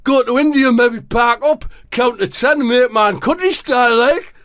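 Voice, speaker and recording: A man voicing a dim, excitable young footballer who babbles in a squeaky way. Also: a little slow. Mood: giddy.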